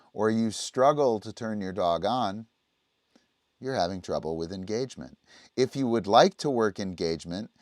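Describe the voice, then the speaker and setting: Low-voiced man teaching dog training. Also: dry recording, clean studio sound. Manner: conversational, explaining, often asks "right?". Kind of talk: livestream teaching.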